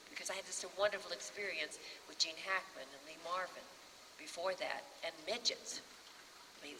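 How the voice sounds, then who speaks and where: A woman in her sixties, an actress on a panel, lively and acting out other people's lines as she tells a story. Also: low voice. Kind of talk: storytelling anecdote. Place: festival panel in a hall. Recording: reverberant hall, faint background hum.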